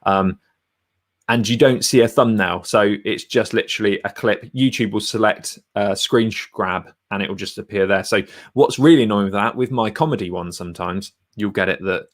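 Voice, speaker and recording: A man's voice: lowish voice, normal speed. A man giving a casual screen-share tutorial on video thumbnails, chatty and blunt as he clicks through pages. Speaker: YouTuber reviewing thumbnails.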